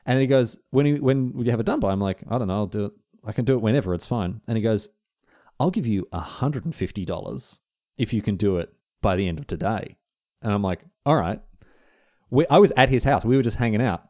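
Podcast co-host, male, brisk delivery, lively storyteller doing little voices for his friends. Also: lowish voice. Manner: animated anecdote-telling, quotes friends in exaggerated voices. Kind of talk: casual chat, storytelling.

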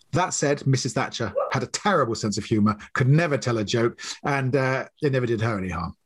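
A man who writes comedy, guest on a podcast, talking in a relaxed way with many fillers. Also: medium pitch. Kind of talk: podcast interview.

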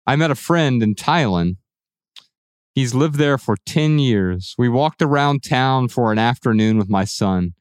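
Lively man co-hosting a podcast. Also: mid-range voice, measured pace, clear, resonant tone, dry recording, studio quality. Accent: American Midwest. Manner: animated, playful voices when quoting people. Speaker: podcast co-host. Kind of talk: casual conversational podcast.

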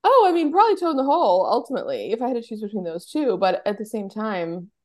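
Brief: American woman, casual podcast co-host, talks fast and chatty. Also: on the high side, big pitch swings, darkish tone. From United States. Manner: rapid, chatty, lots of fillers. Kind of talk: casual chat.

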